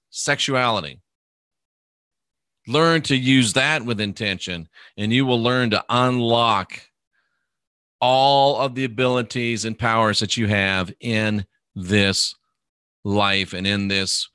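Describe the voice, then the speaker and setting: A man hosts a live podcast, answering viewer questions in an easygoing, conversational manner. His voice is bright and forward. The recording is dry, with no room sound around it. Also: on the low side, no room sound. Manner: unhurried, conversational, answers viewer questions aloud, drifting quiet at phrase ends. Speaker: podcast host reading live comments. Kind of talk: casual live podcast chat.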